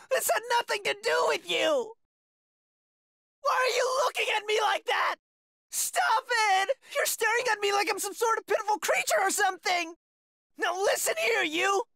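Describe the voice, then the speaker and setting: A woman's voice: very high voice, bright, forceful tone, no echo, clean studio sound, full character voice. A woman voicing a cowardly, whiny teenage boy swordsman who shrieks in melodramatic panic, in an anime fan dub.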